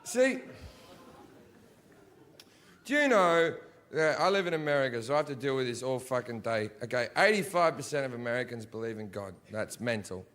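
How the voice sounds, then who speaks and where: A man's voice: mid-range voice, animated, moderate pace, a bit bright. A male stand-up comedian doing a blunt, profane, sardonic set on a live stage. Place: live comedy venue before an audience.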